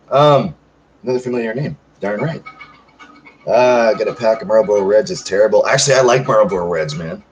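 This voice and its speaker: A man's voice: on the low side, fairly quick, dull audio, a little hiss or hum. A man in his thirties chatting casually on a livestream, reading out comments in a rambling, self-joking way. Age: 30s. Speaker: livestream host.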